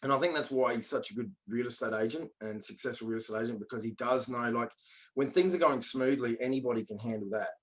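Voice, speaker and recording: A man's voice: mid-range voice, quick pace, low-quality recording. An Australian man co-hosting a podcast, chatting casually and telling stories with animation. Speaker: podcast co-host. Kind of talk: casual chat.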